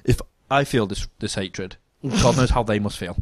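A young man talks films in a loose, animated way, swearing and restarting his sentences. His voice sits a touch low, and the recording is dry and close. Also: normal speed, dry recording. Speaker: podcast co-host. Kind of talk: casual film chat.

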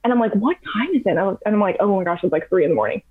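A young adult woman telling a long story in casual, animated chat, full of fillers. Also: fairly low pitch, rapid-fire. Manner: chatty, animated, heavy use of "like". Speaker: podcast guest. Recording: tinny phone-like audio.

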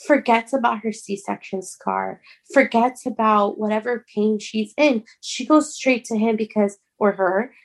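Young woman, earnest and halting, plain middle voice, heartfelt storytelling. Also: medium pitch, creaky, a little mellow. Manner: halting, restarts words, earnest. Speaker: guest. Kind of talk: emotional personal storytelling.

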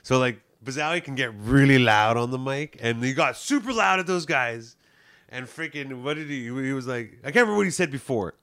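A man from Canada tells a rambling, profane story in casual chat, tripping over restarts and breaking into laughs. His voice sits at an ordinary middle pitch. The sound is dry and close, with little room around it. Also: lively intonation, brisk, fairly bright tone, dry recording. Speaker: comedian and podcast co-host.

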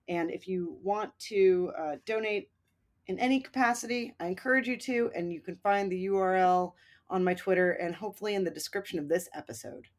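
A woman guest on a comedy podcast, chatting casually and plugging her work with a wry, joking manner. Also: mid-range voice. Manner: wry, joking, rambling plugs.

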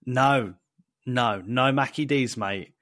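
A man's voice: medium pitch, takes it slowly, no echo, studio quality. A young British man co-hosting a podcast, chatting casually with playful slang and jokes. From United Kingdom. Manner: lively, jokey, playful slang. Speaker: podcast co-host.

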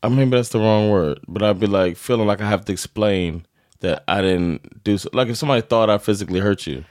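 A man from Miami co-hosting a podcast in casual chat, telling stories with lots of laughter and jumping high when quoting others. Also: fast talker, no room sound, studio quality. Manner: animated storyteller, jumps high when quoting people, laughs often. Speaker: podcast co-host.

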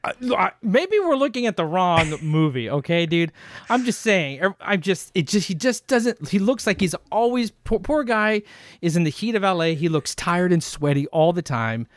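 A man co-hosting a casual film chat, animated and profane, often jumping up into high, disbelieving tones. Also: moderate pace, no room sound. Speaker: podcast co-host.

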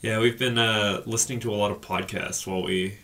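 A man hosting a podcast, chatting casually in a rambling, relaxed way. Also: lowish voice, brisk, slight background noise. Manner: rambling, relaxed, with many fillers and restarts. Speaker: podcast host. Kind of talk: casual chat.

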